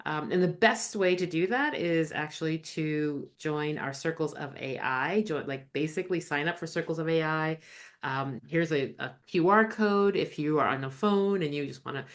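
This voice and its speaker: A woman hosting an online webinar session, talking in a relaxed way with many fillers over a video call. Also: low-pitched, moderate pace. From Canada. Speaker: host.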